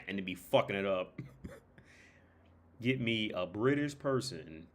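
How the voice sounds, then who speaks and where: A man's voice: on the low side, a little slow, a bit bright. A man hosting a livestream in a casual, rambling, profane style, full of fillers, who breaks into imitations of British and Irish accents. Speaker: livestream host.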